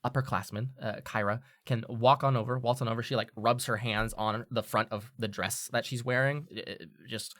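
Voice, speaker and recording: A man narrating as game master in a tabletop game, with a casual delivery full of fillers and restarts. His voice is bright and close, with a dry sound. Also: medium pitch, steady tone, moderate pace, hardly any pauses, no room sound.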